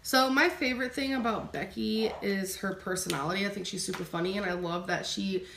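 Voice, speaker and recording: A woman's voice: mid-range voice, steady tone, brisk, gravelly, fairly bright tone, a little hiss or hum. A woman hosting a casual chat with her partner, reading out viewer questions and answering them in a chatty way. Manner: chatty, reads out questions, laughs easily. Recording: echoey room.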